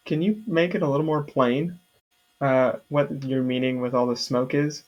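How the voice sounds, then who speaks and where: A man playing a tabletop game casually, speaking haltingly with many fillers. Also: medium pitch, fairly even intonation, muffled recording. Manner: halting, hesitant, full of fillers. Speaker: player. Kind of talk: casual tabletop role-play.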